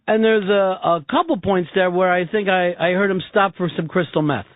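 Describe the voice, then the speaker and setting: A man hosting a call-in talk radio show who cracks profane jokes and takes calls. His voice is high for a man, and the sound is dry and narrow like a phone line. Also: dry recording. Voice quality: laughing, profane, rapid-fire. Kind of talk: casual radio banter. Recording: dry, tinny broadcast audio.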